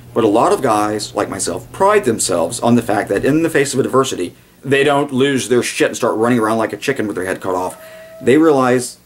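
A man's voice: on the low side, a little hiss or hum. A man giving a blunt, digressive video commentary, with sarcastic asides and sudden mock voices for the people he quotes. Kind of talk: casual commentary monologue.

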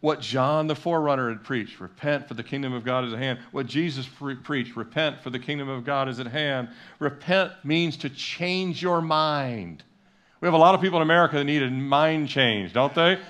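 A man's voice: mid-range voice, moderate pace, fairly bright tone. A middle-aged male pastor preaching a sermon in a church, talking conversationally with repetition and acted-out quotes. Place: church sanctuary.

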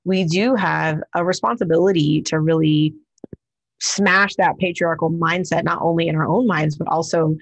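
A woman hosting a podcast, talking in a relaxed, reflective way. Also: low voice, moderate pace, creaky, husky, no echo. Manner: relaxed and reflective, many fillers. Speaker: podcast host. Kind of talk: casual podcast conversation.

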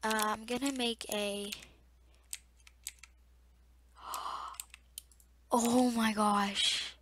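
A young woman giving casual gameplay commentary to viewers, chatty and easily startled, recorded at a desktop mic beside a loud keyboard. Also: on the high side, steady tone, extremely slow, background noise. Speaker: gamer. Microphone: desktop mic near loud keyboard.

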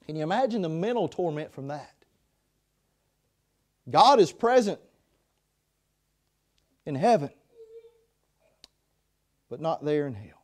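A man preaching a sermon in a chapel, passionate, swinging between loud pleas and hushed passages. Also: on the high side, big pitch swings, takes it slowly, long pauses.

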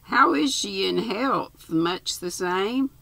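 A woman's voice: medium pitch, lively intonation, slow pace, creaky, a bit bright, no echo, pitched above the performer's own voice, heavily acted. An older woman reading aloud, voicing a polite middle-aged husband who is visiting his aunt, in her own plain voice. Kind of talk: storybook reading.

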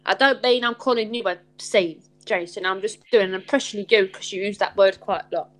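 A woman's voice: medium pitch, fairly quick, slight background noise, poor audio. A woman hosting a live stream chat, rambling in an upbeat, sweary way.

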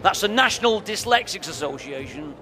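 A man's voice: high-pitched, animated, fairly quick, bright, forceful tone. A man from Liverpool with a Liverpool accent, doing a stand-up comedy routine of punchy one-liners on stage. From Liverpool, England. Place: on stage in a venue before a live audience. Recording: echoey room, far mic, crowd noise. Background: audience and room ambience.

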